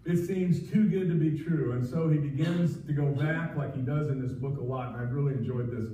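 A man's voice: mid-range voice, fairly quick, dark tone, a little hiss or hum. A man preaching a sermon as pastor, earnest and pleading, with frequent restarts. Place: church sanctuary. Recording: distant, echoey, muffled livestream audio.

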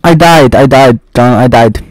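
A man putting on a goofy, high, squeaky voice during gaming voice chat, repeating his lines loudly. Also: unhurried, dry recording, close to an everyday voice, low-quality recording. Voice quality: loud, squeaky and repetitive.

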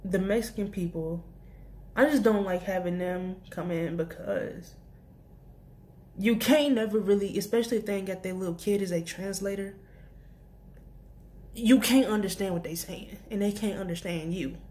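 A woman's voice: mid-range voice, normal speed, long pauses, a little mellow. A young woman vlogger telling a casual storytime about her job, rambling with many restarts and asides. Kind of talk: storytime vlog.

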